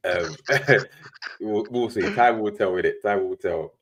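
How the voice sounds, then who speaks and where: A man's voice: lowish voice, moderate pace, very noisy. A man co-hosting a podcast, laid-back and trailing off as he talks football. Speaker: podcast co-host. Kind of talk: casual football chat.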